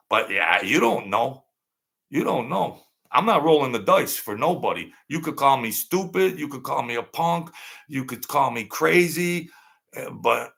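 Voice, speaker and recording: Gravelly, bright male storyteller, blunt and streetwise, rambles and repeats. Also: medium pitch. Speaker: storyteller recounting mob-era experiences.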